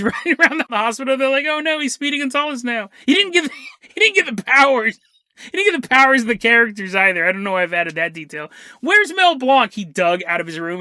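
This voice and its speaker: A man with a high, sharp voice hosts a podcast, telling a jokey, rambling story and laughing often along the way. It's a comedic storytelling monologue, recorded clean in a studio with no room sound.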